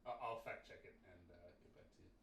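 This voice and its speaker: A man talking fast in a husky, rough voice, tossing out short offhand answers. His voice sits a bit low. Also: a bit bright.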